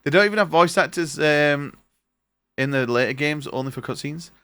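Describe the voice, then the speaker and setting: A man's voice: fairly high pitch, moderate pace, bright, forceful tone, smooth, no echo. A young man streaming a game, chatting casually and reading its dialogue aloud in his own voice over a noisy recording. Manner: chatty, reads on-screen text in his own voice.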